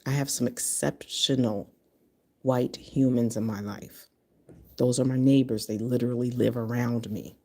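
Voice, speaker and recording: A woman's voice: rumbling low, steady tone, measured pace, a little mellow. A woman in her fifties from Connecticut, talking bluntly and profanely in a casual monologue to camera. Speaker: vlogger.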